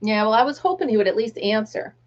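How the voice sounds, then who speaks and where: A woman's voice: fairly high pitch, expressive, fast. A middle-aged American woman hosting a casual live chat, reading viewer comments aloud and laughing often. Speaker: livestream host. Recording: dull lo-fi livestream audio.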